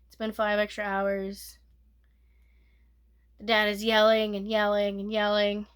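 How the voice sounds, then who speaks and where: A woman giving a soft-spoken ASMR movie recap, rambling and correcting herself, sometimes dropping to a whisper. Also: medium pitch, monotone, measured pace, clear, resonant tone. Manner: rambling, self-correcting retelling with filler "like". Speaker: movie reviewer.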